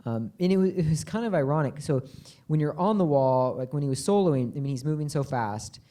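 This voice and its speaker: A man with a mellow, darker tone talks on a festival panel. He is a cinematographer, and he speaks casually and self-deprecatingly with plenty of ums. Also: a little high, brisk.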